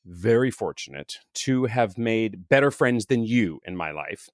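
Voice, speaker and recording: A middle-aged man co-hosting a chatty podcast, his pitch swinging widely as he tells a story. He slips into playful voices for the people in it. The sound is close and dry. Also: measured pace, no echo. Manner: animated storyteller, acts out quotes in voices. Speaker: podcast co-host. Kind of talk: casual chat.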